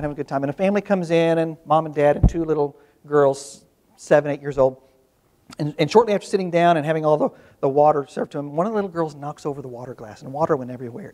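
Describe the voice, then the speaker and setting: Guy with a fairly high voice giving a workshop talk, chatty storyteller, restarts a lot. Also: darkish tone. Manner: conversational storytelling with restarts and asides. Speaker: corporate workshop speaker. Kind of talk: presentation to an audience.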